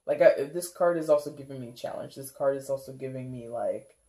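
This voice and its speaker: Chatty tarot reader with a mellow voice. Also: mid-range voice, fairly quick. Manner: chatty, rambling, full of "like" and "kinda"; laughs often, acts out viewers' reactions. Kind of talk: casual tarot reading for viewers.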